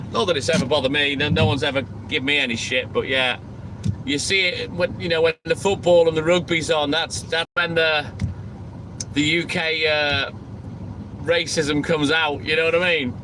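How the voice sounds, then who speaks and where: A man's voice: a little high, fairly even intonation, moderate pace, long pauses. An English man chatting casually on a live stream while on his milk round, greeting viewers by name in a matey way. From England. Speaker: livestreaming milkman. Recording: loud outdoor background noise.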